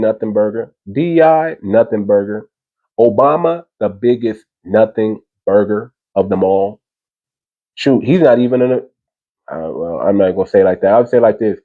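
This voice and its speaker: American man, livestream commentary, emphatic, repeats himself, mellow dark tone, dull lo-fi clip mic. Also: medium pitch. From United States. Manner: emphatic, repeats phrases, talks straight to chat. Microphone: small cheap wireless clip mic.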